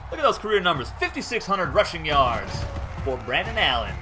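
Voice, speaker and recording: Male gaming streamer, lively and animated, loud music in the background. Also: fairly high pitch, brisk. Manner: excitable, laughs often, breaks into shouting on big plays; chats with viewers. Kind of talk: live gameplay commentary.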